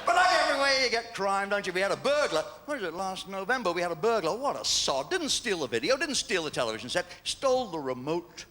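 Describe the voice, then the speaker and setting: A man's voice: high voice, very animated, fast talker, few pauses, bright, forceful tone, a little hiss or hum. An English man in his sixties doing live stand-up comedy, chatty and cheeky with well-timed punchlines, on stage at a large venue.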